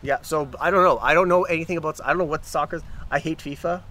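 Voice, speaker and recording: A man's voice: a little high, quick pace, sharp tone. A man co-hosting a casual chat, rambling and stopping to restart, swearing freely.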